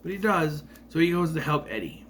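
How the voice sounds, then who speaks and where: A man's voice: a little high, lively intonation, brisk, fairly bright tone, slight background noise. A man giving a casual, rambling movie review with sarcastic asides.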